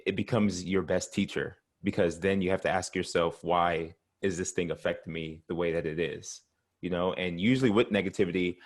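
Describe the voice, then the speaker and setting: Deep-voiced man, calm and reflective. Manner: reflective, measured, slows to stress points. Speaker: panel guest. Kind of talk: casual panel chat. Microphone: video call.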